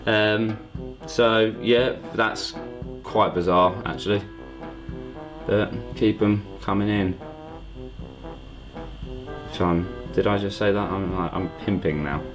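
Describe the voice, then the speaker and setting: A man's voice: on the low side, steady tone, takes it slowly, music in the background, rough recording. A man hosting a casual vlog, dry and self-mocking, with lots of ums. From England. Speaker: host.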